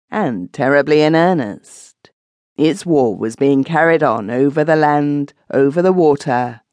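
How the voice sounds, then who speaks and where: A woman voicing a thoughtful man who tells a grim tale in a measured, sober way. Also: extremely low pitch, a little mellow, dry recording.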